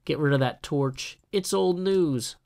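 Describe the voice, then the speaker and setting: A man's voice: fairly high pitch, measured pace, vocal fry, darkish tone. Man, gameplay host; casual, chatty, self-mocking asides while building. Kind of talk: casual solo gameplay commentary.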